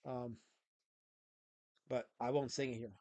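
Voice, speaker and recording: A man's voice: mid-range voice, flat delivery, slow pace, dark tone, dry recording. A man with a scratchy throat, hosting a livestream and chatting, rambling and joking with viewers. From Pennsylvania. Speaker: livestream host. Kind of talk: casual livestream chat.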